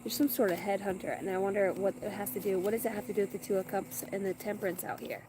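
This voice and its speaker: A woman's voice: medium pitch, fairly even intonation, fast talker. Rambling woman reading tarot outdoors. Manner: rambling, talks to her dogs. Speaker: tarot reader. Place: outdoors on rural land. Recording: loud outdoor background noise.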